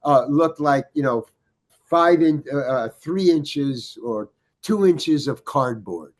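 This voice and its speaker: Older man telling a halting anecdote. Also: a little high, expressive. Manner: halting, many restarts, acts out quoted dialogue. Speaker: guest storyteller.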